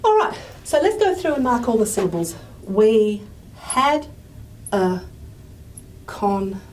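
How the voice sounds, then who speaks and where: A woman's voice: mid-range voice, big pitch swings, measured pace, slight background noise. Woman lecturing, murmuring as she writes. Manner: thinks aloud while writing on the board, drops to a murmur. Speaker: linguistics lecturer. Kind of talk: pre-recorded lecture. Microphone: microphone she wears.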